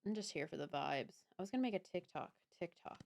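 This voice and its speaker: A young woman chatting casually on a live stream, bubbly and swinging between quiet mumbling and squealed greetings. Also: fairly low pitch, animated, fast talker, creaky. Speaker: livestreamer.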